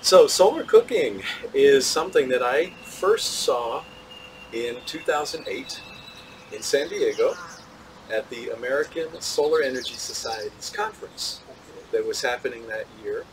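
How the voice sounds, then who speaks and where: A man, a physicist, answering interview questions in a measured, thoughtful way, with small laughs and restarts. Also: medium pitch, expressive, far from the mic, a little hiss or hum, low-quality recording. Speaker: physicist and solar cooker tester, interview guest.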